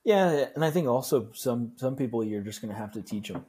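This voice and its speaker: A young man co-hosting a podcast, talking in a relaxed, reflective and rambling way. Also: medium pitch, a little fast. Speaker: podcast co-host. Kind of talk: casual podcast chat.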